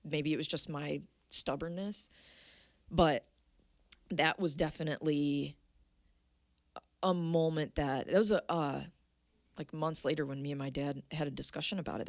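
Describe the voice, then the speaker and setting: A woman in her twenties, a podcast guest, telling a personal story in a casual, animated way, acting out what people said and swearing freely. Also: deep voice, moderate pace, dry recording, studio quality. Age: 20s. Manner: animated, acts out quoted voices, swears freely.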